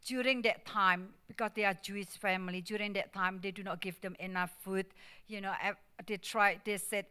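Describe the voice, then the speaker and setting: Lady preaching in church, bright clear voice, broken english, really emotional storytelling. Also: mid-range voice. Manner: acts out quoted voices in the story. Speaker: guest speaker at church. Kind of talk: Mother's Day sermon.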